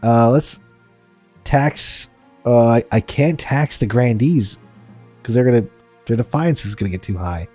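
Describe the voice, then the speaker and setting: A man streaming a strategy game, reading its text aloud and reacting in an excitable, jokey way. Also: mid-range voice, a little slow, long pauses, faint music behind. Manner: excitable, jokey, laughing often.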